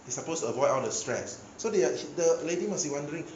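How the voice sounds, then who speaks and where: A man's voice: on the high side, lively intonation, fast, few pauses, a little mellow, a little hiss or hum. A male pastor giving a sermon, telling a story with animation and often checking in with his listeners. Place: church hall. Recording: echoey hall, faint ambience.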